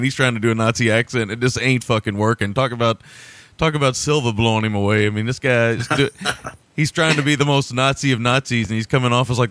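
A man's voice: medium pitch, a bit bright, dry recording. A man hosting a podcast, chatting casually about movies in a rambling, profane way and laughing often. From America. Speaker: podcast host.

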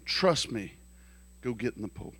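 A man voicing God as a calm, amused male voice that teases in a dry, unhurried way. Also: mid-range voice, husky, no echo, pitched below the performer's own voice, full character voice. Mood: gentle.

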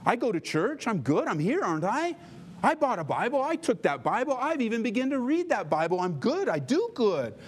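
A preacher mimicking a smug self-satisfied churchgoer. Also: male voice, high voice, big pitch swings, rapid-fire, hardly any pauses, a little mellow, slightly rough, pitched above the performer's own voice, heavily acted. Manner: whiny, pleading, self-congratulating.

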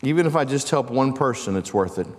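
A man's voice: medium pitch, expressive, quick pace. A man preaching a sermon as pastor, calling out questions to his congregation. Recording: long church reverb.

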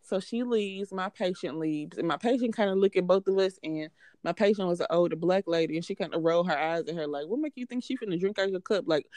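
A woman's voice: fairly low pitch, a little mellow, no room sound. A woman in her thirties telling a story in a casual chat, mimicking coworkers in quoted voices. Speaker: podcast co-host.

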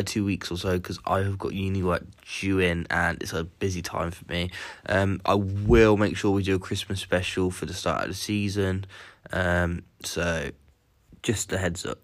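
A young university student recording an apologetic note before the podcast. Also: male voice, deep voice. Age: young adult. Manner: apologetic, mumbling fillers. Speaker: podcast editor.

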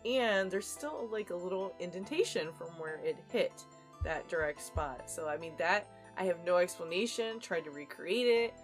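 A woman's voice: fairly low pitch, animated, normal speed, faint music behind. Woman podcast host, casual and giggly. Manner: giggly, chatty storyteller. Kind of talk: casual chat.

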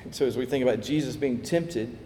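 A man preaching a sermon, lively, acting out quoted voices as he tells the story. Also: medium pitch, a little fast, a little hiss or hum. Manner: animated, acts out quoted voices, chuckles. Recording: echoey hall with faint ambience.

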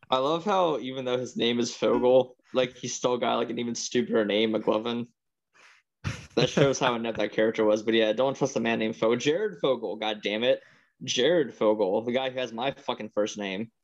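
A man's voice: mid-range voice, steady tone, moderate pace. A man co-hosting a casual movie podcast, rambling and laid-back with some swearing. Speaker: podcast co-host. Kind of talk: casual chat. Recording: slightly dull lo-fi sound.

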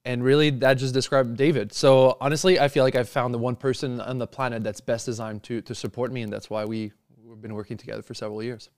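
A man's voice: medium pitch, little pitch movement, fast, a little mellow, no room sound. Earnest man answering, dry close sound. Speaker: guest, endurance athlete. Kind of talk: casual interview answers.

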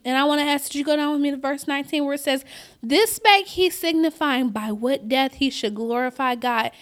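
A woman preaching a sermon, reading scripture deliberately and building her points to loud, emphatic declarations. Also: high-pitched. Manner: reads scripture slowly and deliberately.

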